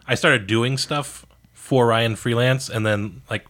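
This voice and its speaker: A man's voice: mid-range voice, fairly even intonation, slow, a bit bright. A middle-aged father telling laid-back anecdotes in a casual podcast chat. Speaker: podcast co-host.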